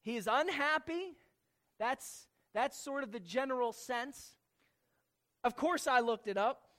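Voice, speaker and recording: A preacher teaching a sermon from scripture, speaking slowly and deliberately, repeating key words and asking the listeners questions. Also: high voice, a bit bright.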